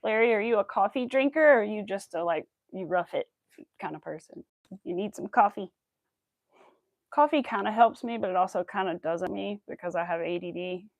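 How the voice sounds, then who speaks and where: A woman's voice: mid-range voice, normal speed, creaky, no echo. Chatty woman crocheting on a livestream. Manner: chatty, counts stitches under her breath. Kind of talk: casual chat while crocheting on stream. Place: home. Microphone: clip-on mic.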